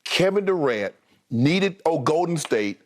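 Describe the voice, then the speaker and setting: A middle-aged man co-hosting a heated sports debate, arguing forcefully and cutting in again and again. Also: on the high side, big pitch swings, a little slow. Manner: forceful, interrupts repeatedly, emphatic.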